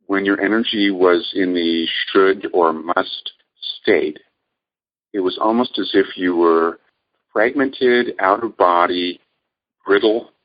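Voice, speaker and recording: A man leading a guided meditation lecture, speaking in a calm, measured, gently instructive way. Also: deep voice, muffled recording. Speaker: meditation teacher.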